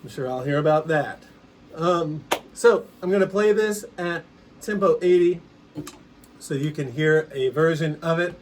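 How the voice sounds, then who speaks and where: A man teaching percussion in a relaxed, conversational way, now and then singing rhythms aloud. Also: on the high side, unhurried, slight background noise. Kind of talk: casual instructional explanation.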